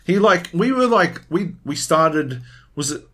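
A husky male co-host with a fairly high pitch talks at a measured pace on a casual gaming podcast. He's animated, curses freely, and acts out what other people said.

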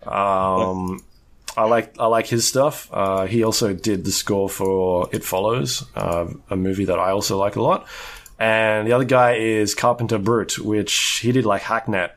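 A man's voice: lowish voice, fairly even intonation, unhurried. A man co-hosting a podcast, rambling in casual chat with frequent fillers and casual swearing. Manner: rambling, lots of ums and likes, swears casually. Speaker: podcast co-host.

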